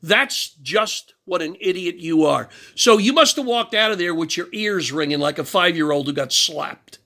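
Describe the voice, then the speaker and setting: A man with a bright, forceful voice pitched a little high tears into his target with sarcasm. He taunts, mocks and preaches about sin and judgement in a combative commentary rant. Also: lively intonation, moderate pace. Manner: preachy, invokes God and sin. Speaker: political commentator. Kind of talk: ranting commentary.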